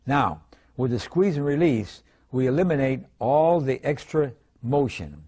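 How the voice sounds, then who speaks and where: An older man walks through drumming technique in a calm, methodical lesson, pausing often as he demonstrates. His voice sits at an ordinary middle pitch for a man. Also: heavy background noise. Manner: calm, methodical explaining with frequent "uh" pauses. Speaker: drum instructor.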